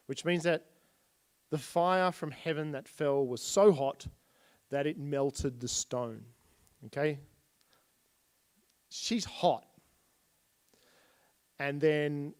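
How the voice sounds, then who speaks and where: At a church, a man gives a casual Bible history lesson, retelling the stories in plain everyday speech as he points at slides. His voice is a little high with a darkish tone.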